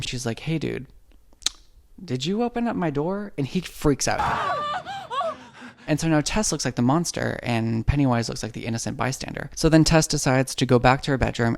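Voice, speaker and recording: A man recapping a horror movie for laughs, his voice gravelly with a creaky edge. He riffs in loose slang and jumps into quick bits where he speaks as the characters. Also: mid-range voice. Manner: irreverent, joking, slangy, acts out characters' lines.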